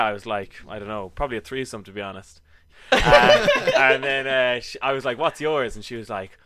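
A man co-hosting a casual podcast, telling rambling stories with frequent laughs, his voice often dropping low and quiet. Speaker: podcast co-host. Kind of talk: casual chat.

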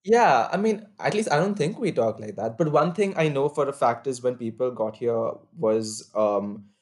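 A young man talks in a frank, easygoing way at a mid-range pitch. He sounds relaxed and conversational, quick to laugh along. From India. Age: young adult. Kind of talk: casual chat.

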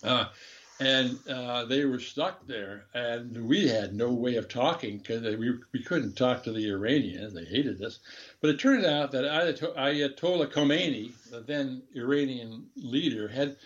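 A man's voice: medium pitch, animated, measured pace, muffled recording. Older man telling a candid story. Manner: candid, rambling anecdotes with chuckles and self-corrections. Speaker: former diplomat, guest. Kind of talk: casual storytelling interview.

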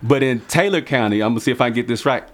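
A man's voice: medium pitch, very fast. A man with a Kentucky country accent hosting a casual radio interview in a studio, chatty, laid-back and joking. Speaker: radio show host.

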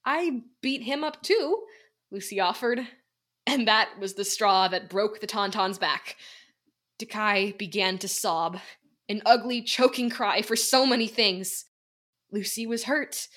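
A teenage girl narrates a fan-written novel aloud, earnest and invested in the emotion of the scene. Her voice sits fairly high. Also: a bit bright. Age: teens. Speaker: co-author and narrator. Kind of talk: amateur audiobook narration.

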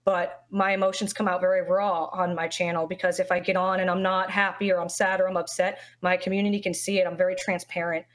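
A young woman speaks with a slightly low voice, open and heartfelt, telling a long personal story as a streamer in an interview. Her talk wanders, with frequent restarts and fillers along the way. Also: little pitch movement, fast, few pauses. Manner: candid, heartfelt, rambling with many restarts.

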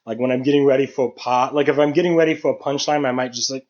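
A man's voice: medium pitch, fairly even intonation, quick pace, a little mellow, dull audio. A man who works as a stand-up comedian, talking through his craft in a casual, analytical way with frequent restarts. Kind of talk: casual chat.

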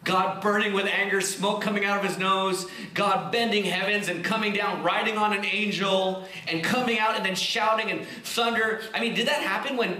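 Lively, bright-voiced male preacher in an echoey room. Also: sits high. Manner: animated, conversational preaching with casual asides. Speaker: pastor. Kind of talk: sermon.

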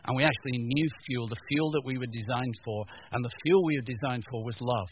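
Animated, joking man preaching. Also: medium pitch, fast, husky, lo-fi sound. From north of England. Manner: animated, jokey, acts out voices, stammering restarts. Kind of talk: humorous teaching talk to a live audience.

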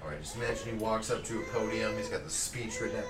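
A man's voice: fairly low pitch, fast. A young man co-hosting a casual podcast, crude and joking in a playful back-and-forth. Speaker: podcast co-host. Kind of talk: casual chat.

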